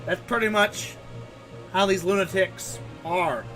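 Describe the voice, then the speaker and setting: A man's voice: sits high, takes it slowly, music in the background. A man streaming a game and chatting casually in a sarcastic, rambling way. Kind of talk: casual gaming commentary.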